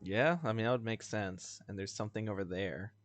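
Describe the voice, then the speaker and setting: A man's voice: fairly low pitch, brisk, faint music behind. A laid-back man giving casual gameplay commentary, swearing and joking as he plays. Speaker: let's player.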